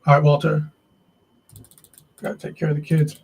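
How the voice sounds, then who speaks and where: A man's voice: a little high, completely flat delivery, moderate pace, gravelly, a little mellow, husky, low-quality recording. A man hosting a live day trading stream, talking to himself and viewers as he trades, often frustrated and swearing.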